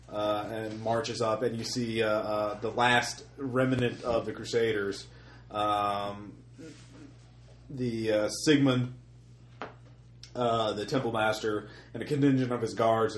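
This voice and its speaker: A man narrates as dungeon master at a gaming table, his voice mid-pitched and halting, full of ums and uhs as he describes the scene. The room around him is echoey, with a faint hiss of noise beneath. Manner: halting, many fillers. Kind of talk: narrating a tabletop game session.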